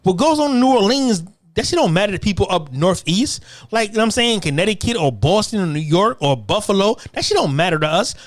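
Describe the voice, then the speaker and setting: A man's voice: sits high, expressive, fast, hardly any pauses. A man, ranting in heated, profane commentary as a channel host.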